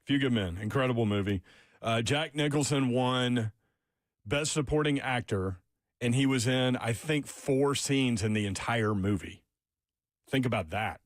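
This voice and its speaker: Excitable sports radio host, dry studio sound. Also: male voice, medium pitch, a little slow, no room sound. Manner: excitable, gets worked up, laughs often. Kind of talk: casual sports talk radio. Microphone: studio microphone.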